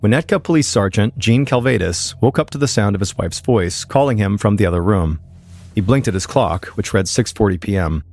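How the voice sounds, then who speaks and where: A man hosting a podcast, telling a true-crime story in measured, suspenseful scripted narration. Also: fairly low pitch, animated, darkish tone.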